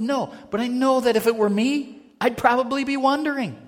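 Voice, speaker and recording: A man's voice: very high-pitched, a little fast, few pauses. A man preaching a sermon as pastor, earnest and conversational, building to fervor. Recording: reverberant church hall.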